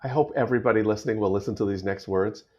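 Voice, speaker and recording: A thoughtful middle-aged American man, a guest actor on a podcast interview, talks in a fairly low, slightly mellow voice at a racing speed. He restarts often and repeats words, and the lo-fi audio sounds dull.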